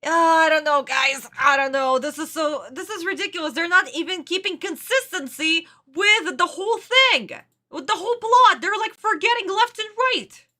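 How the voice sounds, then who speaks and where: A woman hosting a casual reaction video, excitable and dramatic, with frequent exclamations. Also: extremely high pitch, normal speed.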